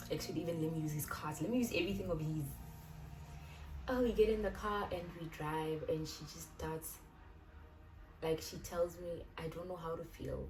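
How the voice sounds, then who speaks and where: A young South African woman casually retelling a personal story, acting out the lines of the people in it. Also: low-pitched. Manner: animated retelling, acting out quoted dialogue. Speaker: YouTuber. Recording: echoey room, distant mic, background music.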